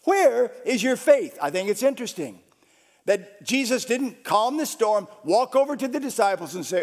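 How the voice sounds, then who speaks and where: A male pastor preaching a sermon with dramatic swings between loud passages and hushed ones. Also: sits high, animated, normal speed.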